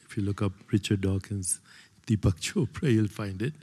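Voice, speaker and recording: Older man lecturing, warm low voice. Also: normal speed, slightly rough. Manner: conversational lecturing, many fillers and asides. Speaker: speaker. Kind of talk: talk to an audience. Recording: long hall reverb.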